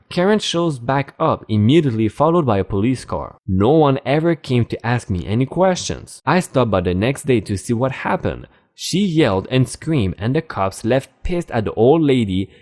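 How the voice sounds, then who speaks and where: Animated male story narrator. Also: mid-range voice. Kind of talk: scripted narration of online stories.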